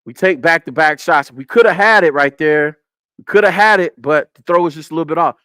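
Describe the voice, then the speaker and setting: A man's voice: on the high side, brisk, sharp tone, clean tone, no room sound. A man hosting a casual football film breakdown on a live stream, repeating his points and talking to the chat.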